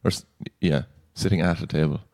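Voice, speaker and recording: A man's voice: rumbling low, fairly even intonation, fairly quick, vocal fry, darkish tone. A young man co-hosting a podcast, chatting casually with dry, teasing humour and rambling restarts. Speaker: podcast co-host. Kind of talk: casual banter.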